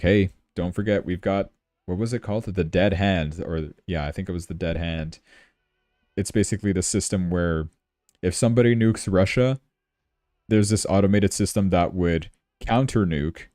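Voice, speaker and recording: A man with a very low, mellow voice hosts a live crypto news stream. He talks in a loose, conversational way, full of slang and joking asides. The sound is dry and close. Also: dry recording. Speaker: crypto show host. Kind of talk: live casual commentary.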